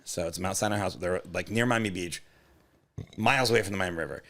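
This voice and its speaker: A man's voice: low voice, fast, sharp tone. A man co-hosting a comedy podcast, telling a rambling story in casual chat and swearing freely. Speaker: podcast co-host.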